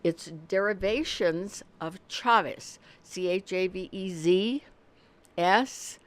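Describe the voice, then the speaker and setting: An older woman, an author and activist, chatting casually and telling lively stories, acting out the voices in them. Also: mid-range voice, slow pace, no room sound. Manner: animated storyteller, acts out quoted dialogue. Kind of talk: casual conversation.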